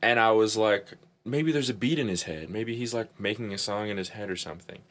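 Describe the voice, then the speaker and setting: A young man co-hosting a podcast, telling stories in casual chat, animated, laughing often and swearing freely. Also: lowish voice, a little fast. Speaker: podcast co-host.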